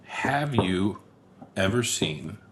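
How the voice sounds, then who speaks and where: A man's voice: lowish voice, expressive, drawn-out words, a bit bright, a little hiss or hum. A man co-hosting a casual movie-review podcast. He is laid-back and tired late at night, swears freely, and often trails off mid-thought. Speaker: podcast co-host.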